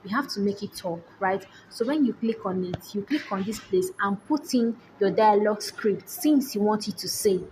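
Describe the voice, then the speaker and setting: A woman's voice: medium pitch, normal speed, hardly any pauses, darkish tone, a little hiss or hum, poor audio. Woman talking through a tutorial. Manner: checks in with rhetorical questions. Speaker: tutorial host. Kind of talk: screen-recorded software tutorial. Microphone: voice-over on screen recording.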